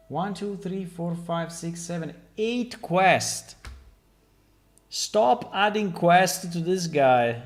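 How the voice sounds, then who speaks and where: A man who develops a game, chatting casually and thinking aloud on a stream, amused and relaxed. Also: high voice, slow, faint music behind.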